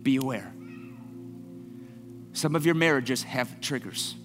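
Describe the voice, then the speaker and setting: A male pastor giving an earnest sermon, moving from soft, quiet passages to impassioned, repeated declarations. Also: mid-range voice, slow pace. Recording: church hall with long reverb, worship music behind. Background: instrumental worship music.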